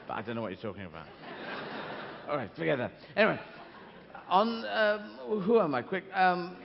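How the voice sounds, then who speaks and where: A man's voice: high voice, animated, normal speed, creaky, pauses often, lo-fi sound. A man doing rambling surreal stand-up, interrupting himself as he goes, recorded live in a reverberant hall with crowd noise. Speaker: stand-up comedian.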